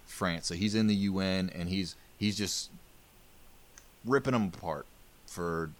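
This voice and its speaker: A man's voice: sits low, a little slow. A man co-hosting a podcast, telling a history story in a loose, profane, joking way. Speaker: podcast co-host. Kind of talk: casual history chat.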